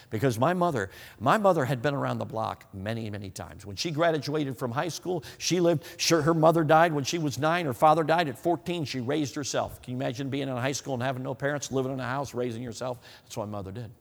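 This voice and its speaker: A man's voice: medium pitch, gravelly. A man from the United States preaching a sermon, emphatic and repetitive, often calling his listeners friends. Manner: emphatic, repeats points, addresses the crowd as friends. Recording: long hall reverb.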